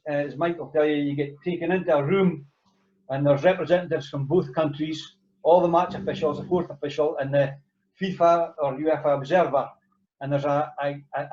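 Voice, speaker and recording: A man hosting a casual chat, a former referee speaking modestly with frequent restarts. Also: on the high side. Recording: dull lo-fi audio.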